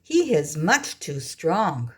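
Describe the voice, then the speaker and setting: A woman voicing a tired, sad older father in a storybook, speaking softly and wearily in a husky voice. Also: deep voice, big pitch swings, takes it slowly, exaggerated voice. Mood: weary.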